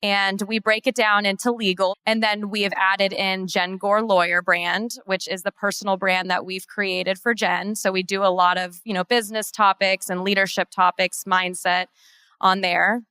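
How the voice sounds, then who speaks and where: A woman's voice: medium pitch, little pitch movement, normal speed, sharp tone, clear, resonant tone, dry recording. A woman heading marketing for a law firm, giving an organized, businesslike conference presentation.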